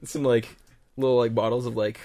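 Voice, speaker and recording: A man's voice: mid-range voice, flat delivery, fairly quick, a crowd in the background. A man playing a tabletop game, rambling with many "likes" and laughing often. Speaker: player. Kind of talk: casual tabletop play.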